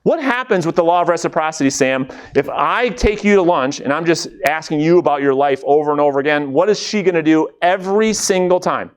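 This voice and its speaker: Smooth and on the high side, his voice carries an upbeat, chatty live coaching session aimed at real estate agents. He keeps checking in with the room and acts out quick bits of quoted dialogue.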